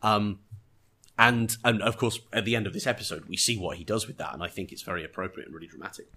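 In a casual podcast review of a TV episode, a co-host with an English accent sounds enthusiastic and reflective, often searching for what to say. His lowish voice is fast, bright, and forceful, with fairly even intonation.

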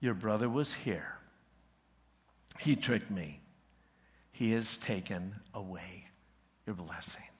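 A trembling old father, put on by a preacher, grave and deliberate. The voice stays slow and bright, with the words weighed one by one. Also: high voice, very animated, slightly rough, big-room sound, full character voice. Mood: low, grave. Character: aged blind father, shaken and solemn.

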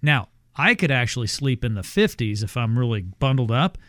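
A man's voice: medium pitch, sing-song, normal speed, fairly bright tone, no echo, clean studio sound. A man hosting a radio talk show, chatting with his guest and reading phone-number promos. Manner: conversational, reads call-to-action promos.

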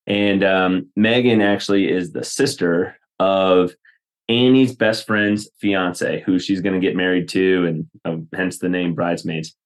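A man hosting a solo podcast, talking casually and rambling with many fillers and restarts. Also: deep voice. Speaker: podcast host.

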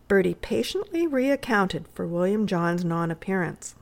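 Woman, story narration, measured, expressive, readers' theatre, mid pitch. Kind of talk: dramatic story reading.

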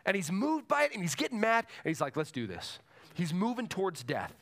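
A man's voice: sits high, very animated, fast talker, vocal fry, fairly bright tone. A man preaching a sermon to a congregation in a church, emphatic and repeating his key phrases. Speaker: pastor.

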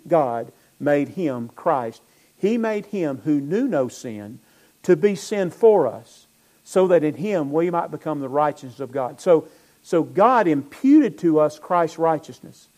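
Male pastor, sermon delivery, slightly raised pitch, emphatic swells and deliberate pacing. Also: darkish tone. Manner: preaching with emphatic swells and slow stressed phrases. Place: church sanctuary with choir.

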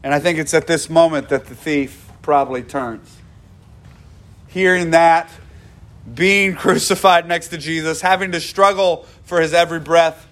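A man's voice: a little high, fairly even intonation, a little slow, a bit bright. A male pastor delivering a sermon in an earnest voice, repeating phrases for emphasis and often restarting his sentences.

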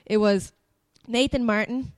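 A woman's voice: on the high side, steady tone, measured pace, no echo, poor audio. A young Irish woman co-hosting a casual wrestling podcast, chatty and laughing often. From Ireland. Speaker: podcast co-host. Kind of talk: casual chat.

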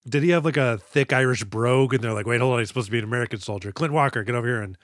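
A man's voice: medium pitch, very fast, dry recording, clean studio sound. A man co-hosting a casual movie podcast, joking and acting out lines from films. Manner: jokey, acts out movie lines in quoted voices. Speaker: podcast co-host.

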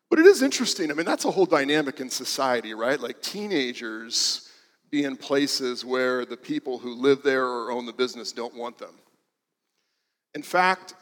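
A pastor with a mid-range, slightly bright voice tells stories during a church sermon, speaking casually and conversationally with frequent restarts. His voice trails off into a long reverb tail.

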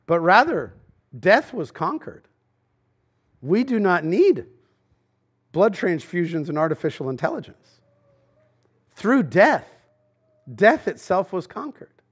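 A man preaching a sermon as pastor, in a casual, conversational way with frequent fillers and asides. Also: high voice. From Los Angeles. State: preaching with a swollen knee in a brace.

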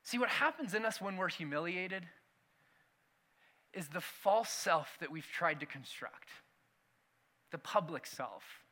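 A man preaching a sermon, telling a self-mocking personal story with animated swings between loud and hushed delivery. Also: sits high, unhurried, pauses often. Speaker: pastor.

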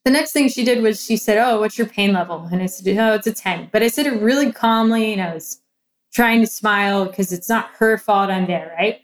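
A woman's voice: medium pitch, a little fast. Candid woman telling her story. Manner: candid, animated storytelling with laughs. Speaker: guest. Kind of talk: casual interview, personal story.

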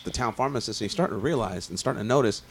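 Casual male podcast host: low, quick, rambling, swears often. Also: creaky, noisy background. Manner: rambling, profane, many restarts and fillers. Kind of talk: casual chat.

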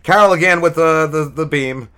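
Bright-voiced man rambling through a recap. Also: fairly high pitch, clear, resonant tone. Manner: rambling and profane, heavy filler words; animated retelling with quick drops in energy. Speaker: podcast host. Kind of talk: casual TV episode recap.

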